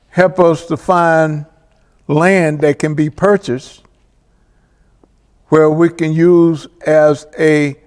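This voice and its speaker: A man hosting a local cable show, talking through local affairs in a slow, deliberate monologue with pauses and restarts. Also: on the high side, a little mellow, big-room sound. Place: local access TV studio.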